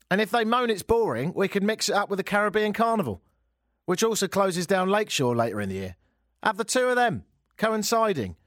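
A man's voice: high-pitched, big pitch swings, a little fast, no echo, clean studio sound. A man hosting a talk radio show, riffing through the news in a sarcastic, ranting comic monologue. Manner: sarcastic ranting, swings from mutters to loud exclamations. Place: radio studio.

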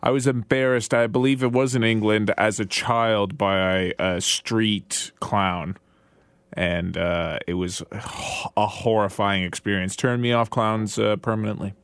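Slow-talking male radio co-host. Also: lowish voice, steady tone, a bit bright, clear, resonant tone, no room sound, clean studio sound. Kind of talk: casual radio chat.

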